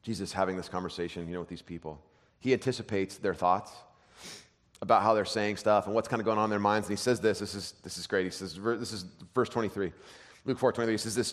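A pastor in his thirties giving an animated sermon full of self-deprecating stories. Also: fairly low pitch, fast talker, long reverb tail.

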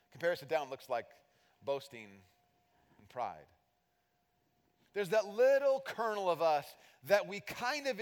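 A middle-aged man preaching a sermon as pastor, animated and self-deprecating, acting out little voices to make his points. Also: on the high side. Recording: long hall reverb.

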